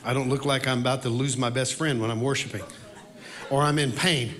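A man who is a worship leader, telling a story in a sermon and swinging between loud outbursts and quiet reflection. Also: medium pitch, steady tone, a little fast.

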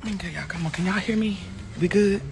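High, gravelly man. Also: fairly quick. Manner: loud, joking, profane banter with the viewers. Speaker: vlogger. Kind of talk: casual car vlog. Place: inside a car. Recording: car noise in the background.

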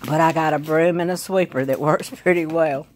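A woman's voice: low-pitched, steady tone, a little fast, a little mellow, a little hiss or hum. A woman, filming her dog at home on a phone and calling out bubbly sing-song commands and praise. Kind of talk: casual home video chat. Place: living room at home, on a sofa. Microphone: phone camera.

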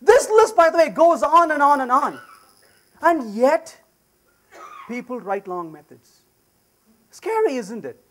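A man's voice: very high-pitched, unhurried, pauses often, slight background noise. A man giving a live technical conference talk, joking with the audience and often asking "right?". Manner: animated and joking, repeats "right?". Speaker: conference speaker.

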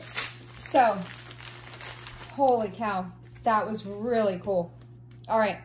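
A woman, chatting casually and gushing excitedly while unboxing craft supplies and reading out numbers. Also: mid-range voice, extremely slow, pauses often, background noise. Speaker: craft vlogger.

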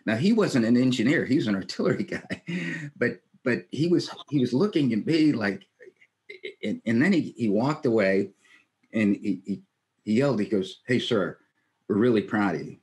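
A man's voice: medium pitch, lively intonation, normal speed, darkish tone. A man in his sixties, a retired army general, telling earnest anecdotes in a conversational interview, quoting others and chuckling lightly. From United States.

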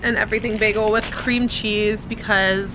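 Holding a flip-screen camera at arm's length, a woman who works as a flight attendant chats casually for her vlog, both at home and outdoors while out and about. Her mid-range voice has fairly even intonation, and background noise can be heard. She's talkative, pokes fun at herself, and laughs readily.

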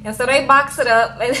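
A woman recapping a reality show in a chatty, animated way, often tagging lines with "okay?". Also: high voice, background noise. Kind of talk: casual storytelling recap.

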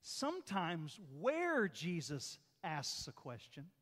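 Southern pastor, high and lively, folksy and animated, church hall reverb. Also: male voice, slow pace. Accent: Southern American. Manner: animated, folksy preaching with dramatic scripture reading. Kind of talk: sermon. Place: church sanctuary.

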